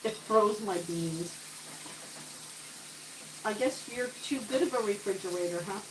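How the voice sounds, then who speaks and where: A woman's voice: medium pitch, measured pace, noisy background. Woman rambling thru a home cooking stream, chats w the viewers and her food, faint pots n dishes clinking. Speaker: cooking livestream host. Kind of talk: casual live-stream cooking chat. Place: home kitchen.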